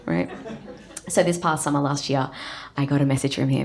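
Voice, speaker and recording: A woman's voice: extremely low pitch, brisk, long pauses, a little mellow. An Australian woman in her thirties doing stand-up, telling a bawdy story in a brash, conversational way with constant tag questions. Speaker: stand-up comedian. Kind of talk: stand-up comedy. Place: comedy stage before an audience.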